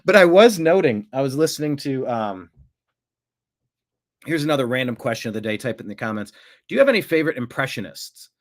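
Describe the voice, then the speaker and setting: A man's voice: mid-range voice, very animated, a little fast. Rambling, jokey male livestream host. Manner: rambling, self-interrupting, jokey. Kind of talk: casual livestream commentary.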